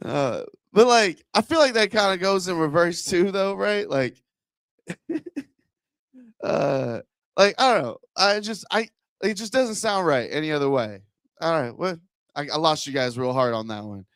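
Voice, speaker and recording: Comedian guy on stage mic, kinda high voice, keeps cracking up at himself, dry close sound. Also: animated, slow, creaky, long pauses, fairly bright tone, dry recording. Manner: rambling, laughs at his own jokes. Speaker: stand-up comedian. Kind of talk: stand-up set with crowd work.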